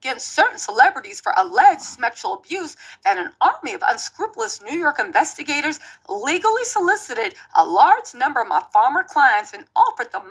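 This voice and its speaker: A woman's voice: high-pitched, sharp tone, exaggerated voice, poor audio. A woman doing an impression of a smug middle-aged male lawyer with a put-on Southern US accent, read out mock-dramatically.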